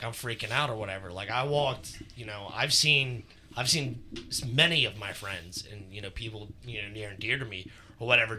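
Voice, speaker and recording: A man's voice: mid-range voice, sharp tone. A man co-hosting a podcast, ranting bluntly and swearing freely in casual chat. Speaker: podcast co-host.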